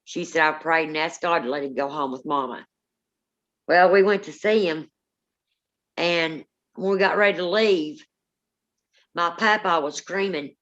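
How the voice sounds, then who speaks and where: A woman's voice: sits low, measured pace, pauses often, fairly bright tone, lo-fi sound. A woman, co-hosting a paranormal live stream, telling rambling family stories with many restarts. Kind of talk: casual live-stream storytelling.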